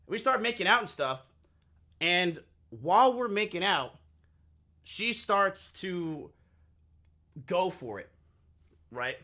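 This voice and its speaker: A man's voice: sits high, lively intonation, slow, pauses often, sharp tone. A man streaming live, telling a long personal story to his chat in a crude, candid, casual way, often repeating himself.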